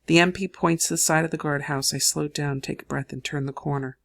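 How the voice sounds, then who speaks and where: An audiobook narrator reading a first-person novel in a measured storytelling manner. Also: male voice, on the high side, fairly even intonation, gravelly, fairly bright tone.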